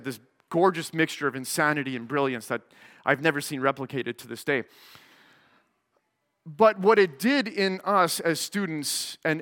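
A pastor tells a story from the pulpit in a high, bright voice and acts out its people as he goes. Long reverb from the church hall hangs on every word. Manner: animated, acts out the people in his stories. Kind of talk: sermon with storytelling.

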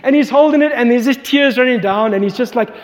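A man in his thirties preaching a sermon, telling a family story in an animated way as a pastor. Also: extremely high pitch, fast. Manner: animated storyteller, voice climbing when excited. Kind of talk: sermon with personal anecdote. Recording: long reverb from a large hall.

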